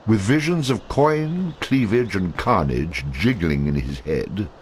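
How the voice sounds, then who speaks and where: A man's voice: fairly low pitch, expressive, takes it slowly, slight background noise. An actor playing a sardonic male storyteller, giving wry, mocking scripted narration.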